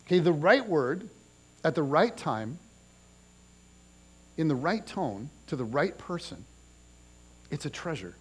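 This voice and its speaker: A man's voice: fairly high pitch, takes it slowly, pauses often, breathy edge. A man in his forties preaching a sermon in a church, talking in a loose, conversational way and telling family stories with lots of restarts. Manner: conversational, animated storytelling with restarts. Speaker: pastor. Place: church auditorium.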